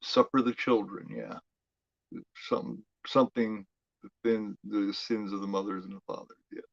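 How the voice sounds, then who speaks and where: A man's voice: lowish voice, fairly even intonation, normal speed, vocal fry, dry recording, lo-fi sound. A man hosting a horror film watch-along, chatting in a rambling, profane way, full of "you know" fillers. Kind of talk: casual live commentary.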